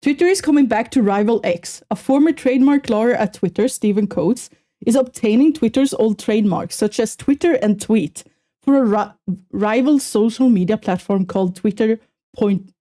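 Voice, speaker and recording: Bubbly woman streamer, mellow voice. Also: a little high, moderate pace. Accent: Swedish. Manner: animated, exclamatory, self-mocking. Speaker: VTuber streamer. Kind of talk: casual reaction stream chat.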